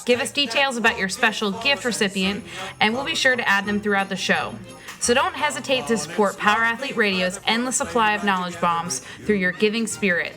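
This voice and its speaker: A woman's voice: mid-range voice, fairly quick. A woman reading a scripted promo in a playful, punchy delivery. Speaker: ad narrator. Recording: voice over music.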